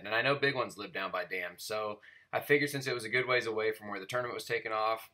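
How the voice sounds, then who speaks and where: A man who fishes bass tournaments, narrating his fishing vlog in a relaxed, explanatory way. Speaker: tournament bass angler and host.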